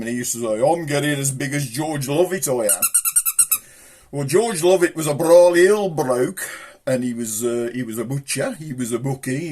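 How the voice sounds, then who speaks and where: A man's voice: medium pitch, a little mellow. A man with a Black Country accent hosting a puppet show, chatting in broad, cheeky, rambling banter. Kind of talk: comic chat with a puppet.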